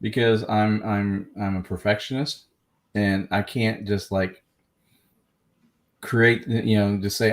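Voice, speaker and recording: A man's voice: on the low side, fairly even intonation, a little slow, pauses often. A man speaking as a guest travel vlogger in a casual chat, hesitant and rambling.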